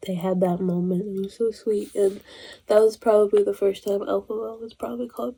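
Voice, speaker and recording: Mellow, husky young woman ranting about a movie. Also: mid-range voice, a little fast. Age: 20s. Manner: animated, emotional, swears freely. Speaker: movie reviewer. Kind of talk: casual chat.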